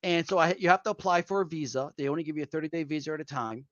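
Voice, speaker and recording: A man co-hosting a casual chat, telling animated anecdotes and laughing mid-story. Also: a little high, very fast, no echo, highs cut off. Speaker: podcast co-host.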